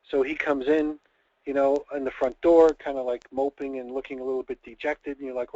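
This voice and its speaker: A man's voice: mid-range voice, level tone, a little fast, dark tone, dry recording. A man running a conversational sales training call, talking casually and acting out little scenarios with drama. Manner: chatty, acts out scenarios dramatically. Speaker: network marketing trainer. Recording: dull dry lo-fi call audio.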